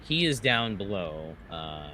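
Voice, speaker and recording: A man running a tabletop game as game master, narrating scenes slowly with fillers. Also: low-pitched, very animated, bright, forceful tone. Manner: slow descriptive narration with fillers. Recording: clear background noise.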